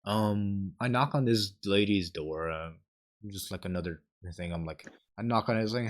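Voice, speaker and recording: A man's voice: on the low side, moderate pace. A young man chatting casually as a podcast co-host, telling rambling stories full of swearing and acted-out quotes. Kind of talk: casual chat.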